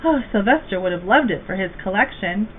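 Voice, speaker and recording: A woman voicing a grieving father donkey who tries to sound cheerful, speaking in a gentle coaxing way, in a storybook read-aloud. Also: medium pitch, lively intonation, a little fast, natural voice. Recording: tinny phone-like, faint hiss.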